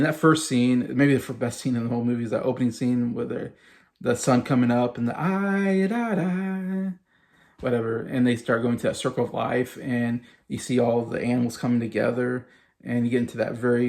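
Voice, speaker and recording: A man in his thirties talks casually to his viewers, full of enthusiasm and loose fillers. His mid-pitched voice has a gravelly, fry-heavy texture. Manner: enthusiastic, rambling with many fillers. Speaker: YouTube host ranking movies. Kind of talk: casual chat.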